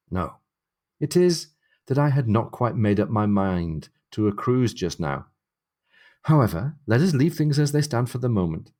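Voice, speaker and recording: A man reading aloud as a reserved, deliberate male ship's physician who speaks in measured, formal, old-fashioned phrases. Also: mid-range voice, vocal fry, a little mellow. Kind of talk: reading a novel passage aloud.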